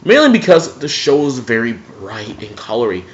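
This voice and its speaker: A young man ranting casually about TV cartoons in a dim room at home, animated and profane. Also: mid-range voice, normal speed. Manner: animated, profane, jumps between mocking impressions. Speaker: video blogger. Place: dimly lit room at home. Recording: dull, lo-fi home recording.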